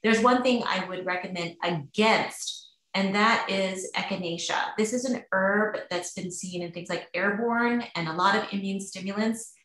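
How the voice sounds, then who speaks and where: A woman's voice: mid-range voice, normal speed, a bit bright. A woman physician answering webinar questions in a casual, chatty way with many fillers. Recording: roomy echo.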